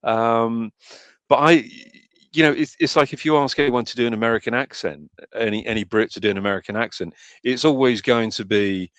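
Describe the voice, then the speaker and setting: A man's voice: mid-range voice, brisk, a bit bright, no echo. Chatty British man, dry close sound. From Britain. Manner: chatty, emphatic, many fillers. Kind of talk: casual chat.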